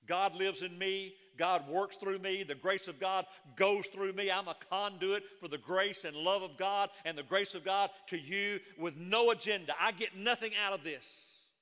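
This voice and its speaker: A man's voice: sits high, sharp tone, long reverb tail. A middle-aged man preaching a sermon as a pastor, moving between folksy stories and emphatic proclamation.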